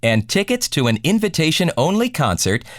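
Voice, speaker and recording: A man hosting a radio countdown show, reading scripted song intros in a smooth announcer delivery. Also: on the high side, very animated, moderate pace, fairly bright tone, no room sound, clean studio sound.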